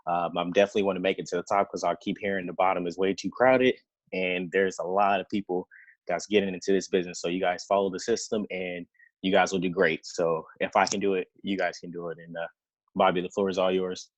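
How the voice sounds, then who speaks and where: A man's voice: low-pitched, little pitch movement, fast talker, no echo, rough recording. A man sharing an earnest, grateful motivational testimonial as a new senior field trainer on a team call.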